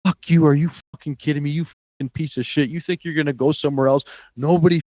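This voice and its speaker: A furious middle-aged hockey coach yells and swears in a raised, strained voice, acted out by a man quoting him. He is profane and relentless, with a voice pitched well above the speaker's own. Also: fairly even intonation, fast, dry recording, lightly acted. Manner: yelling, profane. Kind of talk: acted quote in a story.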